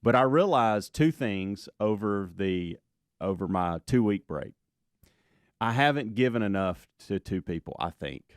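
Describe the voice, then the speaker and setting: Relaxed man hosting radio. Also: lowish voice, unhurried, clean tone, no room sound, clean studio sound. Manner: relaxed, rambling storytelling. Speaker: radio show host. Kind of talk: casual morning radio banter. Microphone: studio microphone.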